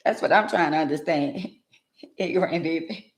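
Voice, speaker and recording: A woman's voice: low voice, normal speed. An older woman hosting a casual live-stream chat. She talks in a folksy way and leans on emphatic rhetorical questions. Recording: echoey room.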